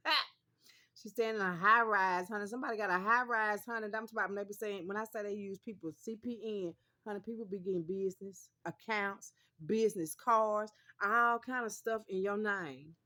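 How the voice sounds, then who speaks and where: A woman speaks to her viewers in a casual vlog, her voice sitting at an ordinary middle pitch. She drives her points home through repetition and keeps addressing listeners as honey. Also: brisk, sharp tone. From Mississippi, US South. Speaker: vlogger.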